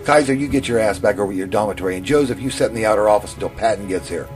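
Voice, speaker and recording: A man voicing an angry, bullying male reform school superintendent who yells his orders. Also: on the low side, fast, voice pushed up, natural voice. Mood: angry, shouting. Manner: yelling, bullying. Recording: music playing under the voice.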